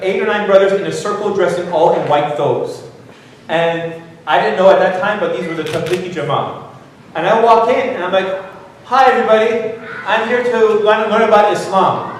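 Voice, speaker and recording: Man, high voice, animated joking storyteller, distant mic in a very echoey hall, faint hiss. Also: moderate pace. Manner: animated, jokey, rises high when excited. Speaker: guest speaker. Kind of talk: humorous personal storytelling talk. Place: conference hall.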